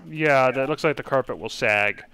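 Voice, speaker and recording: A man's voice: mid-range voice, moderate pace, bright, forceful tone, clear, resonant tone. A man narrating a tabletop game as game master, hesitant and full of fillers, over online voice chat.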